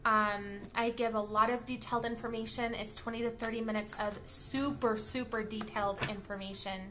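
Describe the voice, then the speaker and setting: A woman reads tarot cards in a casual, chatty way. Her voice is bright and fairly high, and she keeps checking in with quick "okay?" asides. She talks bluntly and now and then lets a swear word slip. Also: steady tone. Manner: chatty, checks in often with "okay?" and "all right?". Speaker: tarot reader. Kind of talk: casual tarot card reading to camera.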